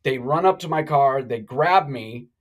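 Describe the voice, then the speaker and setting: A middle-aged man telling a long story on a live talk show, animated and rambling, with many restarts. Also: mid-range voice, unhurried, rough recording. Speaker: guest.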